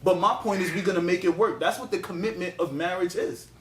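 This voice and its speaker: A man with a high, light voice argues hard in a casual podcast debate. He repeats phrases and presses on over interruptions. The sound is roomy and echoey. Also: quick pace, fairly bright tone. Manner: insistent, repeats himself, talks over others. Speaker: podcast host.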